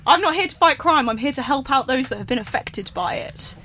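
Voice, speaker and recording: A woman's voice: sits high, expressive, a little fast. Woman playing an earnest moral support girl. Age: young adult. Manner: soothing, earnest. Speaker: improv performer. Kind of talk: improv comedy.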